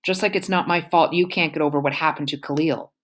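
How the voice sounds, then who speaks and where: A woman's voice: low-pitched, steady tone, quick pace. A woman reading aloud, voicing a snide, defensive teenage girl with a whiny, raised voice. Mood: dismissive.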